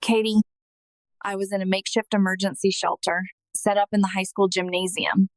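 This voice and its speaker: A woman narrating a scripted first-person testimony in a slow, emotional, earnest manner. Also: mid-range voice, completely flat delivery, dry recording.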